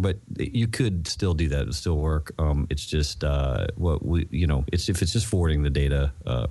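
A man's voice: very deep voice, warm tone, dry recording. A man co-hosting a casual tech podcast, explaining things hesitantly with many restarts. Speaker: podcast co-host.

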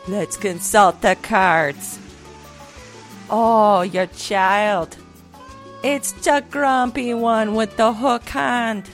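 Scammy female psychic, put-on Jamaican accent, unhurried sales patter, voiced by a woman. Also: mid-range voice, fairly even intonation, soft background music. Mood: smug. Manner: salesy, brash, self-assured. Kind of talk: comedy sketch parody ad.

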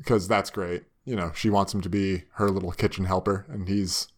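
A man's voice: low-pitched, flat delivery, normal speed. A man co-hosting a podcast, recapping with dry, sarcastic humor. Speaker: podcast co-host. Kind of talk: casual chat.

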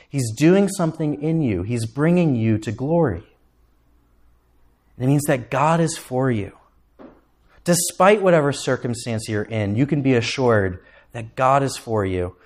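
Pastor guy preaching slow, voice swings high and low, fired up then hushed. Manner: impassioned, climbing to emphatic peaks, then dropping low and quiet. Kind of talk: sermon.

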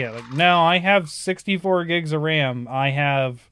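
A man hosting a casual gaming podcast, telling stories in an animated way with lots of "like" and "um". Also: fairly high pitch, normal speed, a little hiss or hum. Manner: animated storyteller, frequent "like" and "um". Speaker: podcast host.

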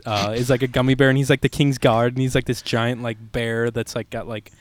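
Chill young dude on a podcast, rambly with a lot of likes, dry close mic. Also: male voice, medium pitch, flat delivery, fairly quick, no room sound. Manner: loose, swearing, lots of fillers. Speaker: podcast co-host. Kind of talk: casual chat.

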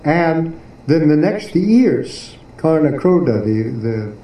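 A man giving a devotional class who explains a poem haltingly, often pausing and searching for words. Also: fairly high pitch, very animated, dark tone. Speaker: spiritual teacher. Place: devotional garden venue in Philadelphia. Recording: echoey room, distant mic, faint noise.

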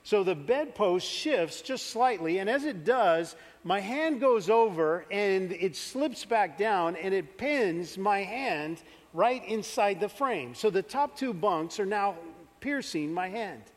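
A man's voice: high-pitched, animated, slow. A man preaching a sermon, telling a personal story and acting out his younger self. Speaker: pastor. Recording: church hall reverb.

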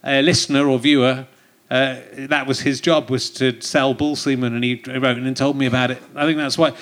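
Bright-voiced joking English man. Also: mid-range voice, level tone, fairly quick. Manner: jokey, laughing often. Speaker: podcast host. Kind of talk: casual comedy chat. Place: theatre stage before an audience.

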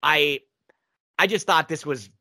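A man's voice: fairly high pitch, a little slow, pushed and bright, dry recording, clean studio sound. A man co-hosting a wrestling review podcast, giving opinionated casual commentary with frequent restarts.

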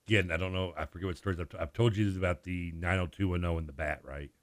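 A low-voiced man talks fast as co-host of a sports radio show, telling stories in casual chat. An animated storyteller, he acts out the voices and laughs, in a dry recording.

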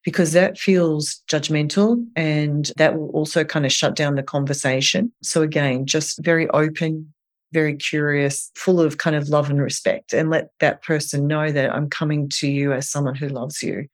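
Gentle, earnest clinician giving advice. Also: medium pitch, fairly even intonation, moderate pace. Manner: gentle, earnest, explains step by step. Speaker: eating disorder clinician guest. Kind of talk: advice in an interview.

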